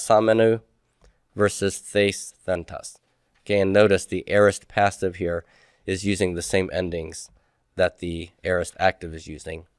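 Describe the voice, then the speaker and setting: This Greek teacher has a smooth, lowish voice, recorded at studio quality with no room sound. In his recorded lecture he poses questions to his class, answers them himself, and drills word forms aloud.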